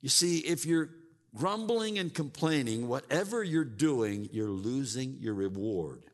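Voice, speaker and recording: A man's voice: mid-range voice, animated, measured pace, big-room sound. A man preaching a sermon as pastor, often repeating words and stumbling into restarts as he builds his point. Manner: repeats words, mimics grumbling churchgoers.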